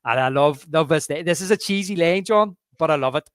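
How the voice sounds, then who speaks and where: A man co-hosting a movie podcast, casually retelling film scenes and quoting their lines in a lowered drawl. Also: a little fast, clean tone, dry recording, studio quality. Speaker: podcast co-host. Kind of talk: casual movie review chat.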